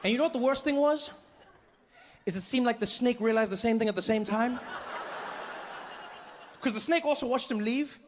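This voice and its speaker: A man doing a stand-up comedy set, telling an animated story and jumping into character voices. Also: very high-pitched, normal speed, pauses often, slight background noise.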